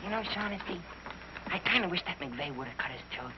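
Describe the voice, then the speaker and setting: Squeaky fast-talking private, whiny griping, old tv sound. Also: male voice, animated, dull audio, background noise.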